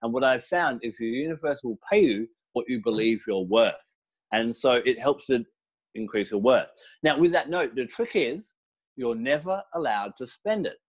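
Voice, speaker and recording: A man's voice: medium pitch, moderate pace. Man telling stories in an easygoing interview. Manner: relaxed, storytelling, explanatory with fillers. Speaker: crystal and essential oil teacher, guest. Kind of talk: casual interview talk.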